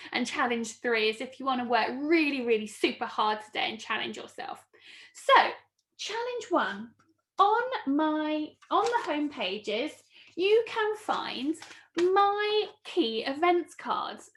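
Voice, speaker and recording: A woman teacher reads a storybook aloud and then sets the day's tasks for children in an online lesson. Her voice is high and sing-song, with wide swings in pitch. She speaks slowly and clearly, into a computer microphone. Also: fairly bright tone. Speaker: primary school teacher.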